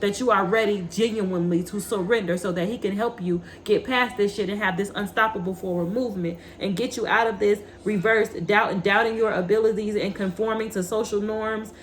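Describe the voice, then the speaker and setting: A woman's voice: mid-range voice, steady tone, fairly quick, hardly any pauses, a little hiss or hum. A woman gives a spiritual tarot reading, fiery and preachy, swearing freely. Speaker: tarot reader.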